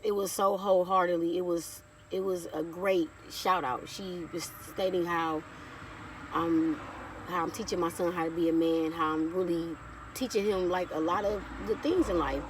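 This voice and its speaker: A woman's voice: lowish voice, steady tone, moderate pace, recorded from a distance, background noise. A woman in her thirties sharing a heartfelt personal testimony in a casual vlog, talking straight to her viewers and calling them y'all. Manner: heartfelt, chatty, keeps addressing viewers as y'all. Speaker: vlogger.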